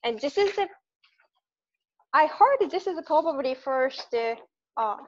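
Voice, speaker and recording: A woman poet with a Japanese accent reading her poems aloud, measured and a little self-deprecating. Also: sits high, animated, muffled recording. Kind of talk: poetry reading.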